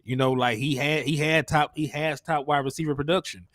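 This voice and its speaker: A man's voice: on the high side, steady tone, brisk, fairly bright tone, no room sound, studio quality. A man co-hosting a casual sports talk stream, explaining stats in an easygoing way and thanking viewers for donations. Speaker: sports talk show co-host.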